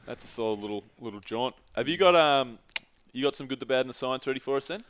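A man's voice: mid-range voice, animated, quick pace, a bit bright. A man co-hosting a casual podcast, throwing in jokey, teasing banter. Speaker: podcast co-host. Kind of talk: casual roundtable chat.

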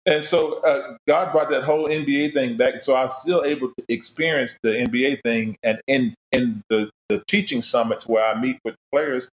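Middle-aged man, podcast guest, casual and animated storyteller, acts out old conversations, roomy echo, medium pitch. He talks about himself in a friendly, lively manner.

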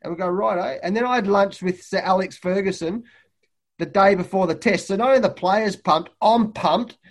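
High-voiced Australian man telling stories. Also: moderate pace. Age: middle-aged. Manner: lively anecdotes, acting out quotes loudly. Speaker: guest, head coach. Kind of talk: animated storytelling in a podcast interview. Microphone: remote call.

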